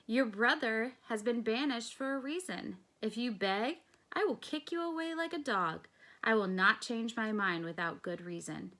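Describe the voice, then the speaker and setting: A woman's voice: a little high, normal speed, bright, forceful tone. A woman reading the part of a proud, stubborn male Roman ruler in a firm, commanding way.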